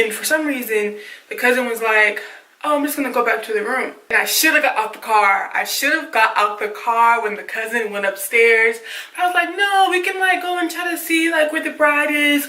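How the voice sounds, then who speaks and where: A woman vlogger telling a dramatic story casually, in an animated way with lots of fillers. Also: mid-range voice, echoey room, poor audio.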